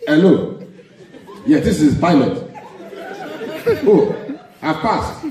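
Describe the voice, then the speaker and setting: A man's voice: a little high, sing-song, slow, a crowd in the background. A man doing a flustered bush pilot on the phone. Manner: flustered, chatty. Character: harried male bush pilot on a phone call. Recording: echoey live hall, distant mic.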